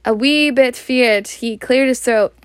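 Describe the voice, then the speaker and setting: Slow Scottish woman reading a storybook. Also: on the high side, smooth, no room sound, clean studio sound. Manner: unhurried, stumbles and laughs at words. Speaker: reader.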